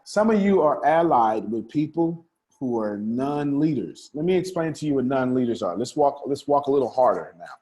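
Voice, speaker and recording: A man's voice: medium pitch, big pitch swings, normal speed, a little mellow. Man leading a study group, folksy preacher cadence. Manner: folksy, preacher-like cadence, repeats lines for emphasis. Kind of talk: lively teaching talk with a small group.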